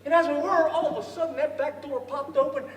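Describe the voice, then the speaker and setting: A man telling a lively story to an audience, acting out voices and often laughing. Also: very high voice, fairly quick, a little hiss or hum. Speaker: storyteller speaker. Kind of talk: storytelling speech. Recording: echoey hall from far off.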